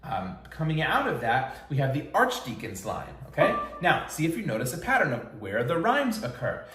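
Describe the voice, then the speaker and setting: A man with a slightly high voice breaks down song lyrics in an eager, explanatory way. He records in a roomy space with a lot of echo, and soft music plays faintly behind him. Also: huge pitch swings, normal speed. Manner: enthusiastic, explanatory, sings quoted lyrics. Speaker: songwriting teacher. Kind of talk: song analysis lesson.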